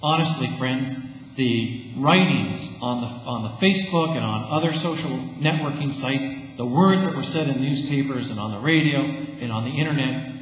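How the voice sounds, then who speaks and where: A man's voice: mid-range voice, normal speed, slight background noise. Earnest man preaching in an echoey church. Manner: earnest, emphatic, conversational preaching. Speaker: pastor. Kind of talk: sermon. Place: church sanctuary. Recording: echoey church hall, faint ambience.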